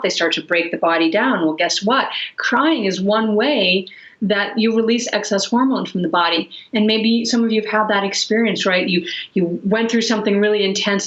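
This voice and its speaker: A woman's voice: mid-range voice, dull audio. A woman yoga and energy teacher talking earnestly and fluidly in a webinar, often restarting her phrases. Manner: earnest and flowing, with many restarts and soft fillers. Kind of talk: webinar talk.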